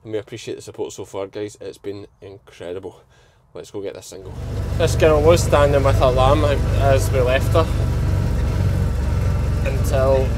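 Scottish male farmer vlogger, casual running narration outdoors, noisy field recording. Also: mid-range voice. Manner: chatty, talks to the camera while working sheep with a dog. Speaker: sheep farmer. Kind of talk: casual vlog narration while working. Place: outdoors on a farm hillside.

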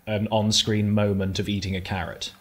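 A man co-hosting a gaming stream, arguing his point with quick comebacks. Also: lowish voice, level tone. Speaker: co-host of a gaming livestream. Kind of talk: casual chat, arguing a point.

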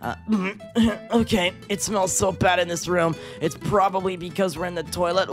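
A man giving excitable gameplay commentary, gasping at scares and calling the viewers dude. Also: sits high, normal speed, hardly any pauses, soft background music. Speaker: gaming YouTuber.

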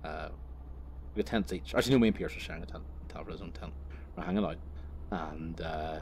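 A man's voice: a bass voice, quick pace, darkish tone, a little hiss or hum. A man giving casual gameplay commentary while telling a long, profane, rambling story, often correcting himself and laughing. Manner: profane, rambling anecdote teller; self-correcting, laughs through his story. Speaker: gaming video creator.

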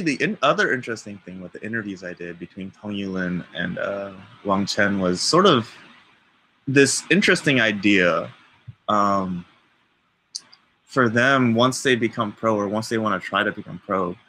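A young man hosting a casual podcast chat, relaxed and laughing, with halting restarts. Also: on the low side, slight background noise. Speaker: podcast host.

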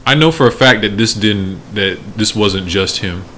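A man's voice: lowish voice, moderate pace, a bit bright, a little hiss or hum. A man playing in a casual roleplay, cutting in with teasing, probing remarks. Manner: teasing, interrogating interjections. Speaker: roleplay player. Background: background music.

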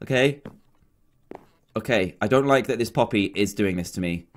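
A man's voice: lowish voice, normal speed. A man hosting a gaming video, giving jumpy let's-play commentary, exclaiming often and talking to the game's characters.

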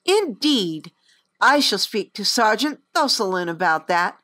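A woman's voice: mid-range voice, very animated, a little slow, pushed and bright. A woman voicing a bossy, haughty young noblewoman who talks in an imperious, demanding way.

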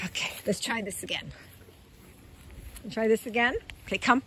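A woman's voice: fairly high pitch, very animated, moderate pace, long pauses, pushed and bright, slightly rough. A woman talking casually to her pet dog in a yard, coaxing it with sing-song calls and frequent laughter. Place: outdoors in a yard.

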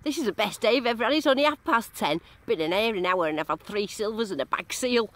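A woman vlogging a metal detecting dig outdoors, chatting in a bubbly, excitable way and repeating herself in delight. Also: mid-range voice, fast talker. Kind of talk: excited casual running commentary.

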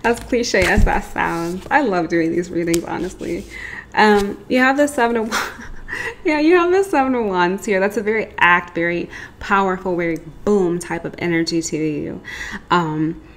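Casting: young adult woman, lowish voice, loose rambling tarot reader talking straight to viewers. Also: normal speed, a bit bright. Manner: chatty, rambling, fillers and asides. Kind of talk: casual pick-a-card tarot reading.

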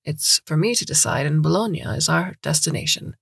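A woman's voice: deep voice, animated, brisk, vocal fry, fairly bright tone, slightly rough, dry recording, exaggerated voice. A woman doing a dry, stubborn male poet.

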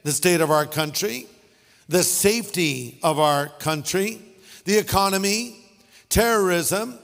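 A man's voice: high-pitched, measured pace, creaky, fairly bright tone, big-room sound. A middle-aged male pastor preaching a sermon, telling funny stories and making wry asides. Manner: storytelling with jokes and asides. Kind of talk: humorous sermon.

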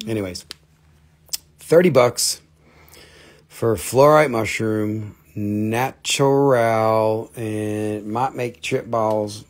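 A man's voice: on the low side, slow pace. A man from North Carolina hosting a live stream selling rocks and minerals, rambling and joking at his own expense. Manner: joking, rambling, self-mocking. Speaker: livestream rock and mineral seller. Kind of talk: casual live-sale chat.

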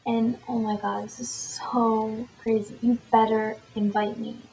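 A teenage girl voicing her excitable girl friend on the phone, gushing and squealing in disbelief. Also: a little high, unhurried, slight background noise, natural voice, poor audio. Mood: thrilled.

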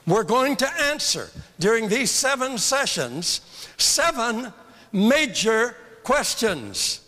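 A man's voice: very high voice, sing-song, slow, sharp tone. An older man teaching a church seminar in a fervent, emphatic sermon style, repeating phrases for emphasis. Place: church hall. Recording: long reverb of a large hall.

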